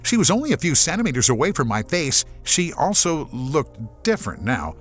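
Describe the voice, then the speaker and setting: A man from Germany narrating a horror audiobook as a scripted, expressive storyteller. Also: on the high side, moderate pace, soft background music.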